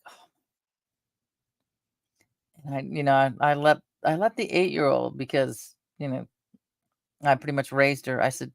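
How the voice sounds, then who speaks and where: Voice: mid-range voice, little pitch movement, normal speed, gravelly, long pauses, no room sound, studio quality. A middle-aged vlogger chatting casually about family, meandering with lots of fillers and restarts. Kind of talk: casual rambling chat.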